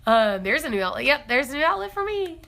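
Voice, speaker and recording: Young gal on a homestead livestream, bright voice, giggly and chatty, reads the comments out. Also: female voice, sits high, very animated, fast talker, gravelly. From East Tennessee. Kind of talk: casual live-stream chat.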